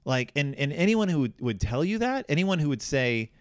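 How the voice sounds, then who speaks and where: Animated, rambling male podcast host. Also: on the high side, normal speed, smooth, no room sound, studio quality. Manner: animated, rambling with many restarts. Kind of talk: casual chat.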